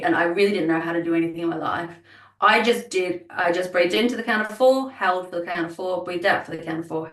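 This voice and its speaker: A woman's voice: fairly low pitch, reverberant, recorded from a distance, rough recording. A young adult woman leading a business workshop, talking earnestly and repeating words as she thinks. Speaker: business coach. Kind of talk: workshop talk.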